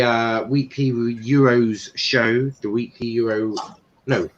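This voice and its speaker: A young man hosting a football watchalong stream, easygoing and hesitant with plenty of pauses. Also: medium pitch, steady tone. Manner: easygoing, hesitant, lots of ums. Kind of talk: casual live stream chat. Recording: dull lo-fi stream mic, faint noise.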